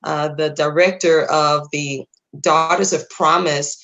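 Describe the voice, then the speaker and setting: A woman pastor, hoarse from preaching and singing, introducing herself on a ministry talk show in a spirited church manner. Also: low voice, steady tone, takes it slowly, fairly bright tone, muffled recording.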